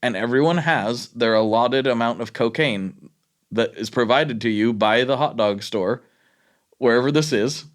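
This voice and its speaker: Man, podcast co-host, mid-pitched voice, laid-back, affirming, animated retelling. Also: normal speed. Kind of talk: casual podcast chat.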